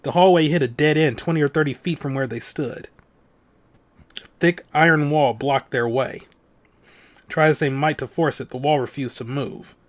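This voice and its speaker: Hosting a let's play, this man gives a dramatic read-aloud of a visual novel's text, now and then tossing in casual remarks. His voice is on the high side, at a normal speed.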